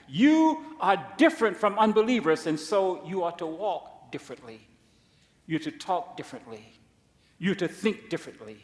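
A male preacher with a high voice delivers an emphatic sermon. He swings between loud declarations and quiet asides. His voice trails off in the long reverb of a church hall.

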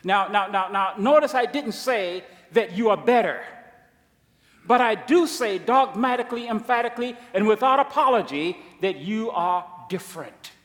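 In a church hall whose long reverb makes his voice trail off, a high-voiced male preacher gives an emphatic, animated sermon at a moderate pace. He swings between loud declarations and quiet asides.

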